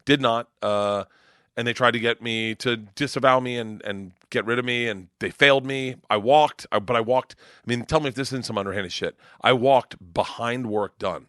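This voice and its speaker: A middle-aged man from Florida, a comedian guest telling animated, profane stories and acting out quotes loudly. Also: medium pitch, moderate pace, no room sound, clean studio sound. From Tampa, Florida. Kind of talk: casual storytelling chat.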